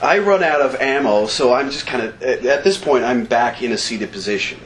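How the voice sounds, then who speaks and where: A man telling a comic war story to a live convention audience, laughing and acting out shouts and sound effects. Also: medium pitch, expressive, normal speed, slight background noise, poor audio. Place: convention stage.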